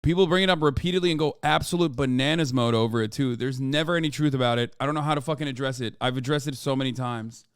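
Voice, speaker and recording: A man's voice: medium pitch, fast talker, hardly any pauses, clean tone, no echo, clean studio sound. A man streaming a casual reaction commentary, ranting in an exasperated, profane way.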